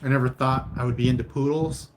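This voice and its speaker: A man's voice: mid-range voice, fairly even intonation, fast talker, noisy background. A man casually chatting with viewers on a livestream. He reads out their comments and answers them in a meandering, laid-back way with mild humor.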